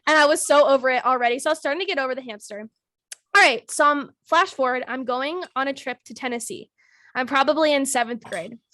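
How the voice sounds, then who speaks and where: A young woman co-hosting a podcast, telling a story in a casual, animated way, laughing often and shrieking when she acts out quotes. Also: high voice, fast talker, no echo, studio quality. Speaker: podcast co-host.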